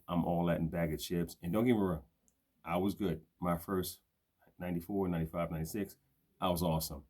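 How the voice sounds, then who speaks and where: Older Brooklyn man, very deep voice, New York accent, casual slangy live-stream host. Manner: streetwise slang, shouts out viewers by name. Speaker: host of a live video show.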